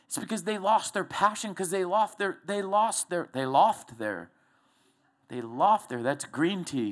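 A middle-aged man preaching a folksy, animated sermon to a church congregation, telling personal stories. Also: high-pitched. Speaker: pastor.

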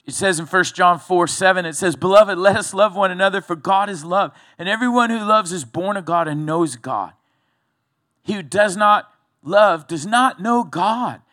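A male pastor preaching a sermon, telling a story in a loose, conversational way with animated build-ups. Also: sits high, normal speed, no echo, clean studio sound.

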